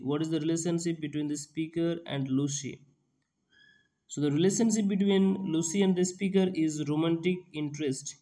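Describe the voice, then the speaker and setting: Male exam-prep tutor, slightly high pitch, slow and repetitive delivery with restarts. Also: mellow. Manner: slow, repeats each question and answer, frequent restarts. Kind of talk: reading out and explaining quiz questions.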